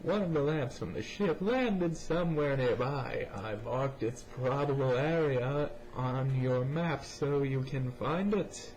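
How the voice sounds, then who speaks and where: A man's voice: takes it slowly, hardly any pauses, a little mellow, slight background noise. A young man gives goofy let's play commentary on a cheap early mic, reading game lines aloud while his voice jumps around. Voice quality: goofy, pitch jumping around. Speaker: gamer.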